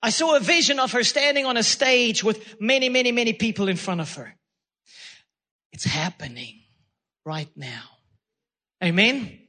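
A man's voice: very high voice, brisk, few pauses, pushed and bright. A man preaching a sermon as pastor, fervent and repetitive, calling out praise between points. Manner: fervent preaching with repeated phrases and exclamations.

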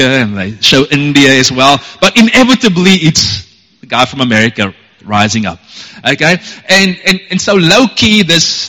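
Male pastor, earnest emphatic sermon delivery, slightly high, echoey church hall. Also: sharp tone. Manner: earnest, emphatic preaching with repeated phrases.

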